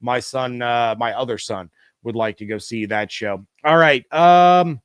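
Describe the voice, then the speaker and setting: A middle-aged man hosts a loose, chatty sports stream, working through viewer comments with plenty of "um"s and "uh"s. His voice sits at an ordinary middle pitch. The sound is dry and close, with no room in it. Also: unhurried, fairly bright tone, clean tone, no echo. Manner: chatty, reads viewer comments aloud with frequent fillers. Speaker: podcast host. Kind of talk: casual live-stream sports talk.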